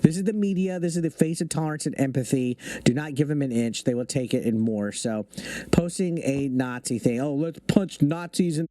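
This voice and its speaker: Scornful man with a warm, mellow voice. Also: medium pitch, brisk. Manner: indignant, scornful. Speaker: commentator in a played clip. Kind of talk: online commentary rant.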